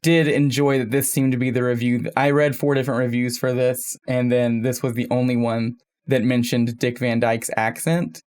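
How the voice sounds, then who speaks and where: Guy cohosting a movie podcast, animated, jokey asides, medium pitch. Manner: animated, self-deprecating, quick asides. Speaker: podcast co-host. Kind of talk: casual film discussion.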